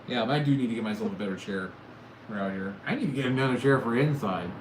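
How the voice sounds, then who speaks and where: A man's voice: medium pitch, fast. A middle-aged man hosting a casual livestream from home, telling stories in a rambling, self-mocking way. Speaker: livestream host. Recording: echoey room with loud background noise.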